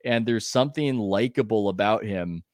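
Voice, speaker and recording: A man with a fairly low voice tells a story from his reporting days as a podcast guest. He talks in a chatty, animated way, with quick asides and self-corrections. The sound is dry and close, with no room around it. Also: no room sound. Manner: animated anecdote telling with quick asides and restarts. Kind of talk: conversational podcast interview, storytelling.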